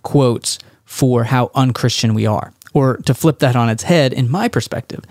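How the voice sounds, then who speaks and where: A man's voice: mid-range voice, normal speed, a little mellow, dry recording, studio quality. A man from Texas hosting a podcast, talking through a monologue in a conversational, wry way. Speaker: podcast host.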